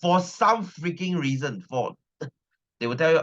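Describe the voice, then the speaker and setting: A man's voice: medium pitch, expressive, normal speed, sharp tone, lo-fi sound. Chatty Malaysian man teaching class. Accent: Malaysian English. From Selangor, Malaysia. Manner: chatty, repeats phrases, keeps asking "right?". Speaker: science teacher. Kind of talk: casual class talk with students.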